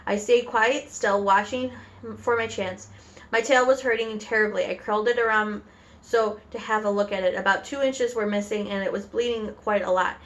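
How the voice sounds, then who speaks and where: A woman reading a children's book aloud with animated storytelling and occasional slips. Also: medium pitch, normal speed, dull audio. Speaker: reader.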